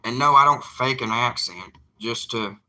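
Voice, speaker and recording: A young evangelist vlogger with a thick Southern drawl talks directly to his viewers in a casual vlog, hammering points home through folksy repetition. His mid-range voice is intensely bright and forceful, delivered at a normal speed.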